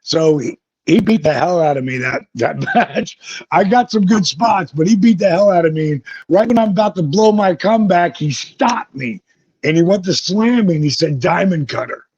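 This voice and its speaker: A man with a fairly high, husky voice tells wild stories in an interview, swearing freely and jumping into the voices of the people he quotes. The sound is dry and close, with a dull, lo-fi edge. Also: expressive, normal speed, darkish tone, no room sound. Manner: vivid, profane storytelling that acts out quoted voices. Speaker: guest, former pro wrestler. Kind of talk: animated storytelling interview. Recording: dull lo-fi recording.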